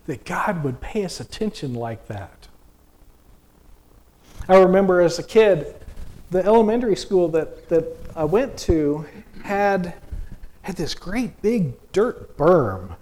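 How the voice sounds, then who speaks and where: Folksy man preaching a lively sermon. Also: sits high, takes it slowly, long pauses. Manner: folksy, conversational preaching with many restarts and rhetorical questions.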